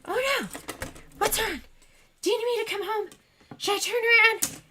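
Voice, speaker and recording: A woman's voice: very high-pitched, normal speed, pushed and bright, a little hiss or hum, voice pushed up. A woman putting on the voice of her worried, caring husband on the phone. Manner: anxious, fussing.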